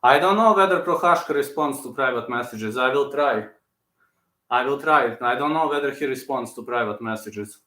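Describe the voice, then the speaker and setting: A man chatting casually on a live stream, answering viewers and circling back to repeat his points. His voice is bright and forward. The room adds a noticeable echo. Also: medium pitch, moderate pace. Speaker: channel host. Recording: roomy echo.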